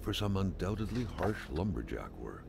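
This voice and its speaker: An actor narrating a video game as a wry, deadpan male storyteller with a dry, sardonic manner. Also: deep voice, normal speed, vocal fry, background noise, heavily acted.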